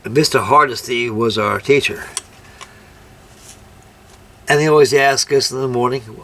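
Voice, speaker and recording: An older man chats casually while building a scale model, his mid-range voice sharp and measured, with frequent pauses. His stories ramble in a folksy way, with ungrammatical turns here and there.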